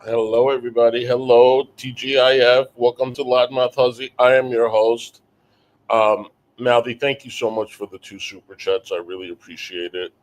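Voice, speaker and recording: A man's voice: mid-range voice, level tone, moderate pace. A man hosting a livestream in casual chat, rambling and emotional, swearing freely. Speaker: livestream host.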